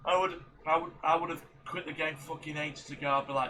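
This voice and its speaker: A man's voice: on the high side, steady tone, fast talker, very noisy. A man reacting to a video, casual and frustrated, swearing and tripping over his words. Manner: frustrated, swearing, stumbling restarts.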